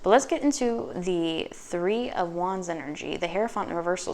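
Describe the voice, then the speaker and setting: A woman giving a casual tarot reading, chatty and sassy, swearing freely and tossing off quick acted asides. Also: fairly low pitch, a little mellow, a little hiss or hum. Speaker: tarot reader.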